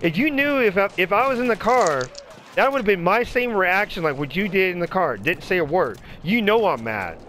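A man telling profane, animated stories in casual chat while playing a video game. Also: high voice, moderate pace, slight background noise. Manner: profane, animated storytelling, acts out other people's voices. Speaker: gamer chatting while playing. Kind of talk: casual chat over gameplay.

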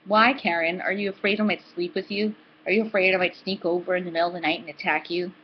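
A woman's voice: lowish voice, fairly quick, breathy edge. A woman reading aloud as a brash young college woman who talks bluntly and swears freely, on a dull, lo-fi recording. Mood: taunting. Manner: blunt and profane.

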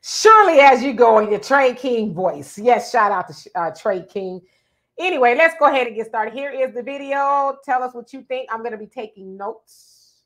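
A woman hosting a talk show about relationships, chatting in a lively, emphatic way. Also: fairly high pitch, moderate pace. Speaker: show host. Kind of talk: casual talk show chat.

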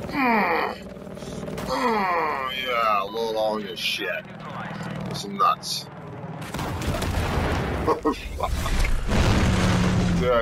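Trash-talking man over noisy game audio. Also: fairly low pitch. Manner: aggressive, trash-talking, swearing constantly. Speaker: gaming video host. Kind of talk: profane gameplay commentary. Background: game sounds and vehicles.

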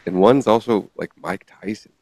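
A man's voice: lowish voice, normal speed, darkish tone, dry recording. A man co-hosting a casual podcast chat, who laughs often and reads articles aloud. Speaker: podcast co-host.

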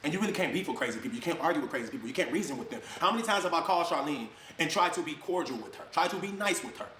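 Fast, high-voiced man ranting angrily. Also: animated, bright, forceful tone, roomy sound, a little hiss or hum. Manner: angry, rapid, mocking quoted voices. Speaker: influencer addressing critics. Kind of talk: heated ranting video clip.

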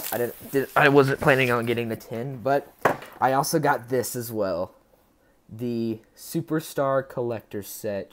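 A man's mid-pitched voice carries a relaxed, rambling chat as he unboxes collectibles at his desk. He talks straight to his viewers and often stumbles and corrects himself on names. A faint noise sits under the recording. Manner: chatty and upbeat, talking to viewers. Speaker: unboxing channel host.

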